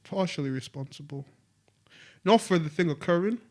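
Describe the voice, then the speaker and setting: A young man mumbles his opinions in a casual podcast chat. His voice is slightly high and his delivery low-key. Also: animated, normal speed. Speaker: podcast co-host.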